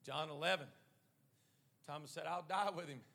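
A man preaching a sermon in short rhythmic phrases that build to shouting. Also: fairly high pitch, normal speed, vocal fry.

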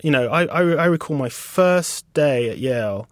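A British man in his thirties, a designer being interviewed, speaking reflectively and haltingly with many restarts. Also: medium pitch, animated, no room sound, studio quality. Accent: British English. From England. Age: 30s. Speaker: guest designer. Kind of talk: casual interview conversation.

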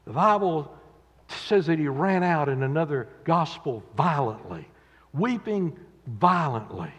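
A man preaching a sermon in a church, dramatically acting out quotes and swinging between loud and quiet. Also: fairly high pitch, sing-song, a little slow, slightly rough. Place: church sanctuary. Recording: dull echoey church recording with long reverb.

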